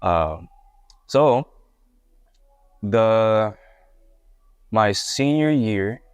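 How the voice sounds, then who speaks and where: A man's voice: lowish voice, lively intonation, drawn-out words, smooth, no echo. A young man from Puerto Rico, a guest hip-hop artist, tells his life story in a candid, rambling way with many restarts. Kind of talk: casual interview storytelling.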